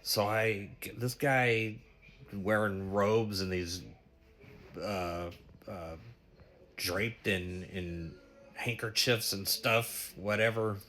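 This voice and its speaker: A man telling the story of a strange dream in a casual, animated way, swearing freely. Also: lowish voice, drawn-out words. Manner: animated, profane, breathless retelling. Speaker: vlogger recounting a dream.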